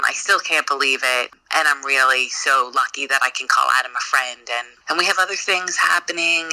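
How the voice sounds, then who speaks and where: A woman actress in an interview, chatting in a bubbly, gushing way with lots of fillers and quick asides. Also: extremely low pitch, gravelly, bright, forceful tone, no echo, low-quality recording. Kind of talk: casual interview chat.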